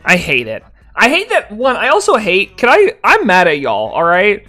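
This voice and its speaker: A man's voice: sits high, huge pitch swings, moderate pace, bright, forceful tone, soft background music. A young man chatting casually on a live stream, reading chat aloud and answering in mock annoyance, laughing between lines.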